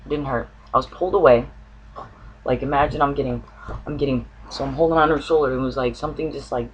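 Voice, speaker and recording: A man's voice: mid-range voice, a little hiss or hum, poor audio. A man telling a personal dream story to the camera, earnest and searching for words, with an occasional cough. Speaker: spiritual vlogger.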